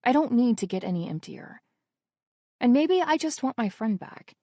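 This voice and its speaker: A woman's voice: a little high, animated, normal speed, dark tone, no room sound, clean studio sound. A woman narrating a romance audiobook in the first person, wry and intimate in her telling.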